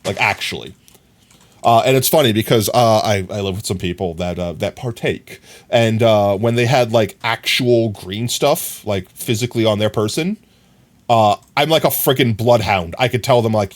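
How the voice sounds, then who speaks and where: A man's voice: on the low side, moderate pace. A man streaming live, chatting casually with viewers and telling stories in a loose, rambling way, full of fillers. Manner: reads and answers chat comments.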